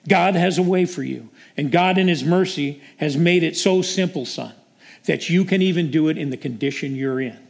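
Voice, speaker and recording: A woman's voice: sits low, moderate pace, creaky, a little mellow. A preacher putting on a desperate grieving mother. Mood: urgent joy. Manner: pleading, cries out to God.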